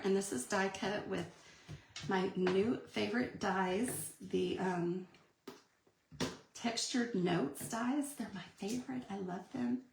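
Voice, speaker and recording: A woman's voice: mid-range voice, creaky, darkish tone, slight background noise. A woman, chatting through a live card-making demonstration and answering viewer comments. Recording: echoey room.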